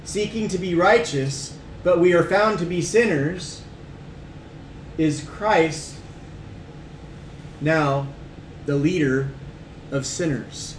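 A man's voice: a little high, slow pace, pauses often. A man leads a casual Bible study in a slightly raised voice, stressing key words and tossing questions to his listeners. The room rings with echo, and a faint hum sits behind him. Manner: emphatic, asks the group questions, reads verses aloud. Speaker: Bible teacher. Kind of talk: conversational Bible study teaching.

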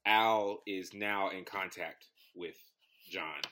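Bright-voiced man recapping a film. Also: low voice, slow, slight background noise. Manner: rambling storyteller, loose and joking. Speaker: podcast co-host. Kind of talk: casual chat recapping a movie.

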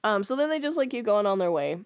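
A woman's voice: mid-range voice, big pitch swings, fast talker, clean tone, no room sound, clean studio sound. A young woman in casual chat, retelling a fairy tale with giggles and lots of "just like".

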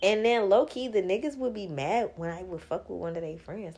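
A woman's voice: mid-range voice, fairly quick, few pauses, darkish tone. Blunt young woman podcast host. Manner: blunt, candid, laughs often, swears freely. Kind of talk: casual solo podcast monologue.

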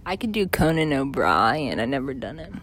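A woman's voice: a bass voice, sing-song, moderate pace, a bit bright, slight background noise. A woman in casual, giggly chat, setting up celebrity impressions in a crude, playful way. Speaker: friend doing celebrity impressions.

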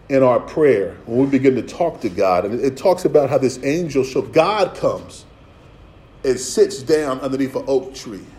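A middle-aged man preaching a sermon in a lively, conversational way. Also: medium pitch, roomy sound. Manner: animated, conversational preaching with acted asides. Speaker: pastor.

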